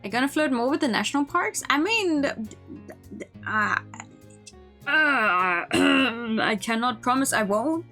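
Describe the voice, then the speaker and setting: A woman's voice: high-pitched, lively intonation, a little slow, pushed and bright, soft background music. A young woman streamer who reads a visual novel aloud, with rambling, stammering asides in between.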